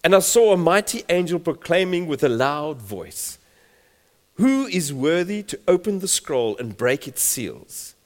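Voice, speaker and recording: A man's voice: a little high, very animated, unhurried. A man preaching a sermon, reading scripture emphatically and building in volume. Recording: long hall reverb.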